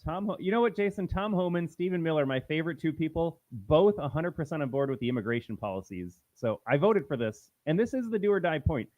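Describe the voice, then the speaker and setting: A man's voice: fairly high pitch, animated, quick pace, hardly any pauses, no echo, dull audio. A man co-hosting a casual political podcast from a shed, talking in a wry, declarative way. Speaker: podcast co-host.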